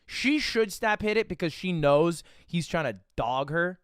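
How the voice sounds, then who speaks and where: A man streaming live and reacting to a video with animated, profane, mocking commentary. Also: fairly high pitch, a little slow, clean tone, no room sound, studio quality.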